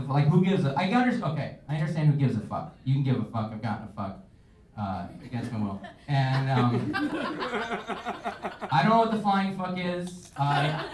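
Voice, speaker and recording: A man doing a stand-up set in a halting, rambling way, with many fillers. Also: a little high. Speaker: stand-up comedian. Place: small comedy club. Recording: echoey club audio from a distant mic.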